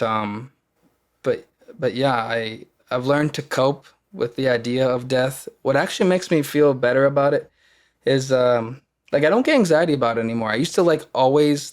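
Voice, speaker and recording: A man's voice: mid-range voice, fairly quick. A young man from Wisconsin, an actor and podcast guest, telling personal stories in loose, rambling casual talk and acting out his own past panic in quoted lines. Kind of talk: casual storytelling conversation.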